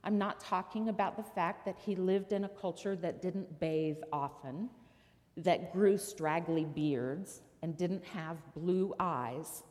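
A woman's voice: fairly low pitch, slow, darkish tone, in a large hall. A woman preacher giving a sermon, telling a story and asking the listeners rhetorical questions.

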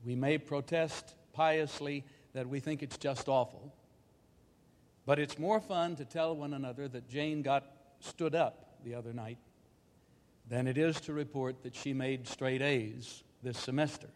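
A man giving a measured, scripted reflective talk with dry wit. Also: medium pitch, fairly even intonation, long reverb tail, slight background noise.

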